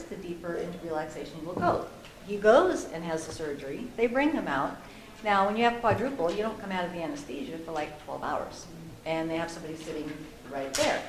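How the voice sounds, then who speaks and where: Animated woman telling stories in an echoey room. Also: sits low. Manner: animated, laughing storyteller. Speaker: panelist. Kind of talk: storytelling at a panel discussion. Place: conference room with an audience. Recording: echoey room with faint noise.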